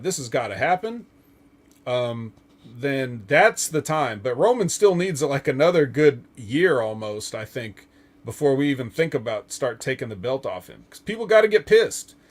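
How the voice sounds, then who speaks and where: Male podcast host, raised pitch, loose rambling delivery, filler-heavy. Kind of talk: casual wrestling chat.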